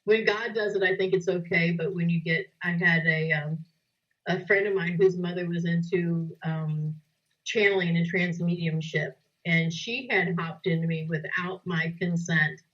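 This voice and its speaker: A host talking earnestly in a casual conversation, asking open questions and sharing their own experiences. The recording sounds dull and lo-fi, with the highs muffled. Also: steady tone, unhurried, a bit bright.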